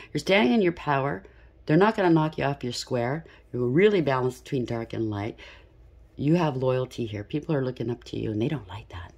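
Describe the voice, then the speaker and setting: A woman's voice: low voice, vocal fry, a little hiss or hum. A woman giving a casual tarot reading, blunt and profane, with emphatic repetition. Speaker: tarot reader.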